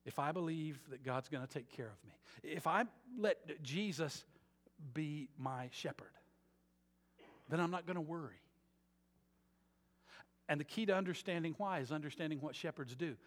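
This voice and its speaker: A man preaching a sermon as a pastor, moving between quiet earnest passages and loud emphatic ones. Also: fairly high pitch, a little fast, long reverb tail. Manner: dynamic preaching, swings from soft to loud emphatic.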